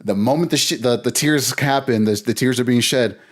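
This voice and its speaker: A man's voice: mid-range voice, brisk. A man, a podcast guest, telling a casual rambling story with frequent restarts. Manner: rambling, with many restarts and laughter.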